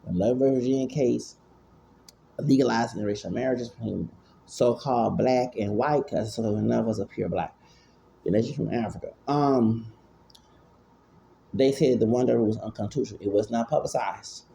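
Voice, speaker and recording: A man's voice: medium pitch, normal speed, gravelly, mellow, slight background noise. A man, talking in rambling casual commentary, often repeating and stammering. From Houston, Texas. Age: 40s. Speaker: vlogger.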